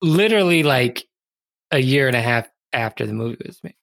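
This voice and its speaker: A man's voice: medium pitch, lively intonation, a little fast, vocal fry, a bit bright, no room sound. A man in his thirties co-hosting a podcast, casually chatting about a movie, laughing often and quoting lines in silly voices. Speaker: podcast co-host. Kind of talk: casual chat reviewing a movie.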